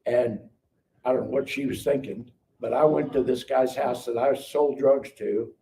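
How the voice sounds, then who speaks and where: On a live stream, a guest from around Kansas City, a middle-aged man, recounts his testimony with lively, casual energy, voicing the people he quotes. He speaks at a moderate pace in a creaky, mid-range voice. The mic sits far off, catching a little background noise.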